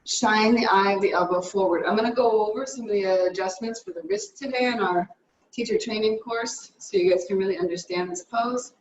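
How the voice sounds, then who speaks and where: A woman teaching a live yoga class, cueing poses in a brisk, upbeat way and a little out of breath. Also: mid-range voice, animated, lo-fi sound, a little hiss or hum. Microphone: camera mic at a distance. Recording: echoey room, from far off.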